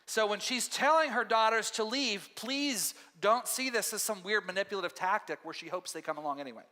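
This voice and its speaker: A man preaching in a church sanctuary, his high, bright voice carrying a long reverb through the hall. He talks conversationally and animatedly, often slipping into the voices he quotes. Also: fairly quick. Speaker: pastor. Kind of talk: sermon.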